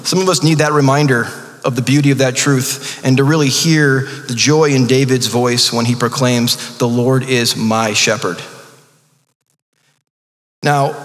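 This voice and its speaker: Male pastor, mid-pitched, casual preaching style with quick jokes and stumbling restarts, long hall reverb. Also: a bit bright. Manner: conversational preaching with joking asides and many restarts. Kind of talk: sermon.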